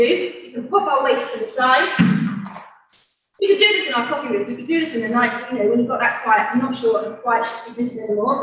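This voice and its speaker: A woman's voice: on the high side, a bit bright. A woman midwife, a bit out of breath, passionately coaching pelvic floor exercises in a gym. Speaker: midwife leading an exercise demo. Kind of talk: energetic exercise instruction talk. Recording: echoey room, far from mic.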